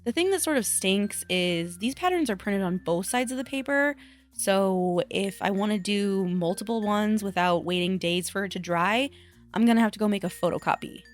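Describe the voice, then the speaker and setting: A woman crafter talking casually to her viewers in a chatty, self-deprecating way, thinking out loud as she works. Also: mid-range voice, expressive, moderate pace, soft background music. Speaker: craft vlogger. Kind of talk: casual voice-over vlog.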